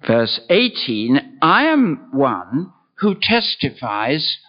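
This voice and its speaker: An older man preaching a sermon, slow and emphatic. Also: lo-fi sound. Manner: slow, emphatic, with lively swings of pitch.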